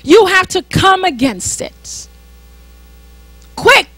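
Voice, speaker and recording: A woman's voice: very high-pitched, big pitch swings, slow, sharp tone, no echo. A woman minister preaching a sermon in an emphatic, conversational way, often repeating herself.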